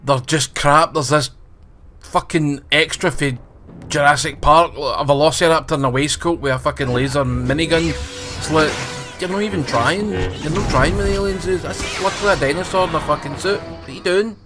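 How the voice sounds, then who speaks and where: A man's voice: on the high side, moderate pace, music in the background. A Scottish man giving a sweary, sarcastic review, mocking what he covers in put-on quoted voices. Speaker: film and TV reviewer.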